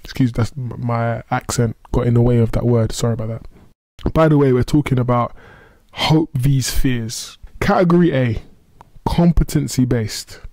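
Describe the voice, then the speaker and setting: A man's voice: medium pitch, normal speed, a little mellow, dry recording. A man hosting a solo motivational podcast, talking in an earnest, conversational way with self-deprecating asides. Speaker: podcast host.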